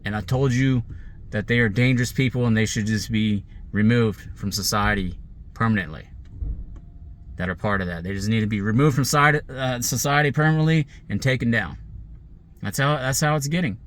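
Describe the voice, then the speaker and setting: A man records himself from the seat of his car, talking into the camera. He rambles and circles back, sounding aggrieved and threatening. His voice sits at a middling pitch for a man. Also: moderate pace, a little hiss or hum. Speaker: vlogger. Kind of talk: angry monologue to camera. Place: sitting in a car.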